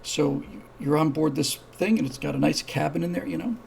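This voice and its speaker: A man's voice: a little high, a little fast, creaky, darkish tone, a little hiss or hum, rough recording. A man hosting a live-streamed show, telling a story in a casual, rambling way, with many restarts, and acting out the characters' dialogue. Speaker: show host.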